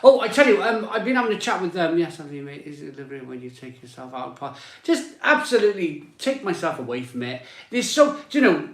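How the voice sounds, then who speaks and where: A man's voice: fairly high pitch, big pitch swings, fast, hardly any pauses, echoey room. A man hosting a casual beer live stream, chatting and greeting viewers as he reads their comments aloud.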